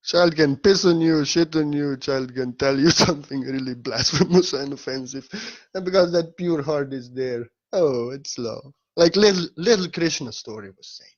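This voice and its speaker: Man, spiritual teacher, playful and laughing, loud bursts and soft murmurs, muffled recording. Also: a little high, moderate pace. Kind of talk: informal spiritual talk. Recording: slightly dull lo-fi audio.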